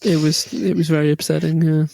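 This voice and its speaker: A man's voice: on the high side, level tone, a little fast, creaky, mellow, no echo, clean studio sound. A man co-hosting a podcast and telling a rambling, self-deprecating story with lots of ums. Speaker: podcast co-host. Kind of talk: casual chat, storytelling.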